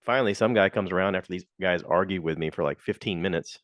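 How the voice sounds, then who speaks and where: A man with a deep, low voice tells a casual story on his podcast. He talks frankly and complains as he goes, and acts out the people in it. The recording is close and dry, with no room sound. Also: quick pace, dry recording. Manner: animated, slips into quoted voices. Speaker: podcast host.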